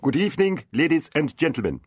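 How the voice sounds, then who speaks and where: A male narrator voicing a gentle, soft-spoken knight in an audiobook, his voice raised and lighter than his own. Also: on the high side, big pitch swings, brisk, husky, dry recording, studio quality, pitched above the performer's own voice. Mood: courteous.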